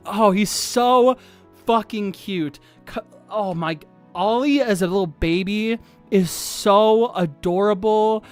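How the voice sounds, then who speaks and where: A streamer chatting casually on a livestream, gushing excitedly and swearing freely, with faint music behind. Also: mid-range voice.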